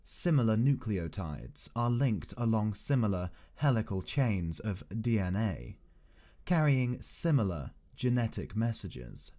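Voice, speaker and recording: A man reading a science fiction story aloud as an audiobook, in measured, expressive first-person narration. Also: fairly low pitch. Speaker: audiobook reader.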